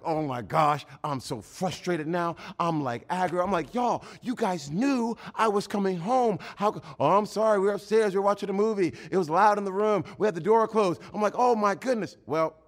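A man's voice: a little high, a bit bright. A male pastor preaching a sermon. He tells a personal story, acts out his own past lines and builds to emphatic, repetitive preaching.

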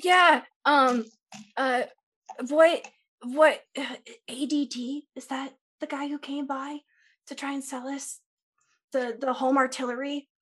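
A woman's voice: sits high, fairly even intonation, slow pace, fairly bright tone. A woman playing a tabletop role-playing game, talking in a hesitant, rambling way with many fillers. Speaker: player. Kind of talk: in-character tabletop play.

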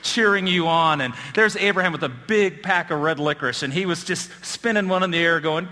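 Middle-aged male pastor, bright voice. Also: high-pitched, brisk. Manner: storytelling, self-deprecating humor, building excitement. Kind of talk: sermon. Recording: long hall reverb.

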